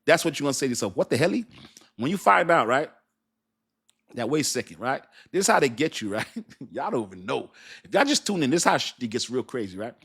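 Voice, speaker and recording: A man's voice: medium pitch, very animated, fast talker, gravelly, a bit bright, husky. A man hosting a casual livestream, chatting loosely, laughing often and answering his chat. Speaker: crypto livestream host.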